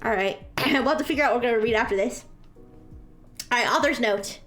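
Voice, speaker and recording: A woman's voice: a little high, a little fast, a bit bright, soft background music. A woman streamer reading fanfiction aloud with mock-dramatic, amused asides.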